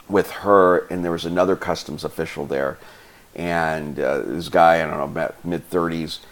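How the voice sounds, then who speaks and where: A man telling a travel story in a casual, animated way, laughing often and acting out the people he met. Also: low voice. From United States. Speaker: travel vlogger.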